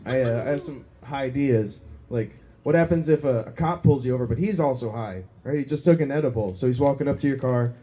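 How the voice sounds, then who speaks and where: A man's voice: medium pitch, brisk, hardly any pauses, dark tone. A man doing a crude, self-mocking stand-up set on a small pub stage, laughing at his own jokes. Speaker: stand-up comedian.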